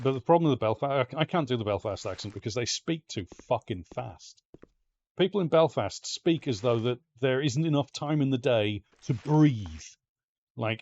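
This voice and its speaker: A man with an Ulster Scots accent chats his way through a game, muttering to himself and tossing in the odd swear. His pitch swoops up and down, and the recording sounds a bit dull and lo-fi. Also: a little mellow. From Northern Ireland. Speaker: game streamer. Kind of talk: casual let's-play commentary.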